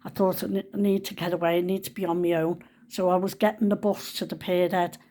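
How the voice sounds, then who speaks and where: A woman's voice: on the low side, little pitch movement, quick pace, dark tone. A woman, telling a personal story in a chatty, homely way.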